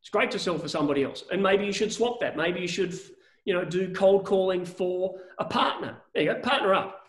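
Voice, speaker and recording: A man teaching a business seminar with energy, his voice pitched quite high for a man. He keeps acting out bits of phone calls and restarting his sentences, and the room around him rings with echo. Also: a little fast. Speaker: business coach. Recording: echoey room.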